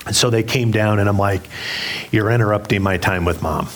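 A middle-aged male pastor preaching in a church, his voice sitting on the low side. He speaks candidly and pokes fun at himself while telling a story. A faint hum of room ambience runs underneath. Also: brisk. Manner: candid, self-deprecating storytelling with humor. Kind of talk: sermon. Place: church sanctuary.

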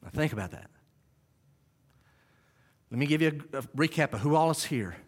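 A man preaching a sermon, animated, swinging between quiet asides and loud climaxes. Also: on the high side, normal speed, big-room sound. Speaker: pastor.

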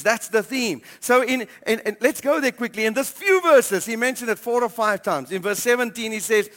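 High, bright-voiced man preaching a sermon. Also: long reverb tail. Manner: emphatic, repeats key phrases, slows on scripture. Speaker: pastor. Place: church hall.

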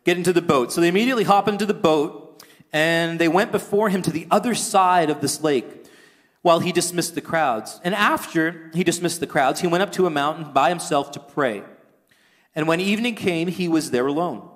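A man preaching a sermon as pastor, earnest and rising toward near-shouting at times. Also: a little high, normal speed. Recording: long hall reverb.

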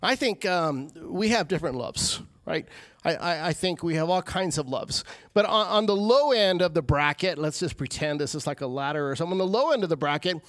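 A male pastor giving a sermon in a conversational way, with quick asides and acted-out quotes. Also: on the high side, expressive, fairly bright tone, dry recording.

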